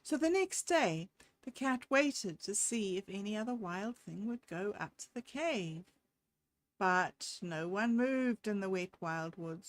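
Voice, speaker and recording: A woman reading a classic story aloud in an unhurried, gently expressive way. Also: mid-range voice.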